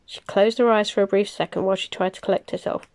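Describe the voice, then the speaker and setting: A woman reading a novel aloud, plain and unhurried, with small slips she corrects as she goes. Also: medium pitch, fairly even intonation, darkish tone. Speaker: reader. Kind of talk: audiobook-style novel reading.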